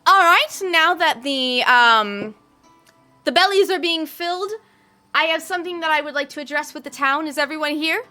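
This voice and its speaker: Aurora stands before the crowd and speaks to the whole town in a bright, high voice. A woman plays her as a game master. She talks in a formal, public-announcement manner. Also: moderate pace, faint music behind.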